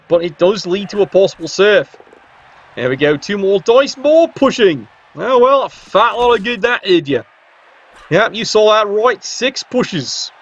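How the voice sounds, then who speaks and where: A man's voice: high voice, dull audio. A man giving casual, sarcastic play-by-play commentary on a video game match. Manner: cheeky, sarcastic banter.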